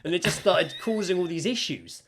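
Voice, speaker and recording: A man's voice: sits high, big pitch swings, normal speed, fairly bright tone, slight background noise. A man co-hosting a podcast, telling a story in casual chat and acting out the people he quotes. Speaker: podcast co-host.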